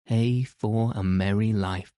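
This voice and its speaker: A sturdy, eager tanner full of bold old-fashioned speech, read by a male narrator. Deep, mellow and slow, recorded dry and close. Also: steady tone, no echo. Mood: joyful. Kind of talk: audiobook character reading.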